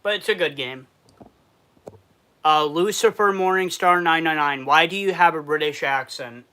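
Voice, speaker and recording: A man's voice: fairly high pitch, moderate pace, pushed and bright, clean tone. A man from Western New York with a New York accent, hosting a casual food review livestream, reading viewer comments aloud and answering them, sad underneath.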